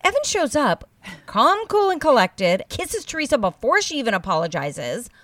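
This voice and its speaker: A woman's voice: fairly high pitch, normal speed, no echo, distant mic. A woman co-hosting a casual reality TV recap, gossipy and acting out what others said. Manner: animated, gossipy, acts out quotes.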